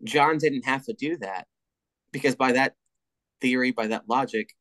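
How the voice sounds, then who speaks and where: Man, podcast co-host, casual and animated, swears, dry close sound. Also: mid-range voice, moderate pace, no echo. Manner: animated, swears freely, retells scenes. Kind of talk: casual chat.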